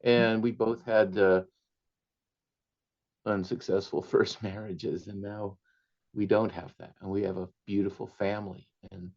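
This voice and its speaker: A man's voice: on the low side, flat delivery, unhurried, a little mellow, muffled recording. An older man, an author, telling family anecdotes in an interview, laughing often and slipping into Spanish phrases. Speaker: author guest. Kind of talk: storytelling interview.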